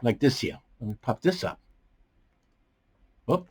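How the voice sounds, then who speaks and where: Animated New man reviewing movies. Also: mid-range voice, unhurried, slightly rough. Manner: animated, jumps around, many fillers and restarts. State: strained voice, coughing. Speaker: host of a movie review show. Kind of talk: casual rambling commentary. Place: small bedroom studio.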